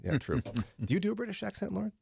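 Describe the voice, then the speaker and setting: A man hosts a studio morning radio show, bantering and laughing easily with his co-hosts. His pitch swings widely as he talks, lively and animated. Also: fast talker, gravelly, a little hiss or hum. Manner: chatty, jokey, laughs often. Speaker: radio host.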